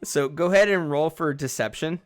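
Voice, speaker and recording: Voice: medium pitch, fairly quick. A game master running a tabletop role-play game, narrating with many fillers and laughs.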